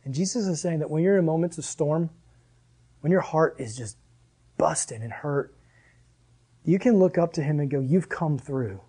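A man with a high voice preaches a sermon as a pastor. He is animated and jokey, laughing between points. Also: normal speed, pauses often, breathy edge.

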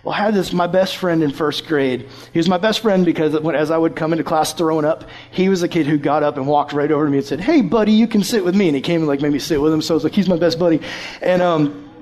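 Young guy preaching, tells a story, lots of energy, slightly high voice. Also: quick pace. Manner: animated, acts out voices from his story. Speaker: youth pastor. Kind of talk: sermon with personal storytelling.

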